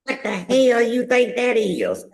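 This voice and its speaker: A man's voice: extremely high pitch, big pitch swings, unhurried, gravelly, voice pushed up, full character voice. A man voicing a blunt old Georgia man who teases him. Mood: mocking.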